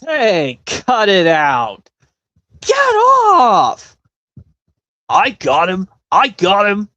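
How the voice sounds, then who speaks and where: A man doing an impression of an excitable, squabbling cartoon dragon, squealing and shouting in a high voice. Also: drawn-out words, no room sound, dull audio, exaggerated voice.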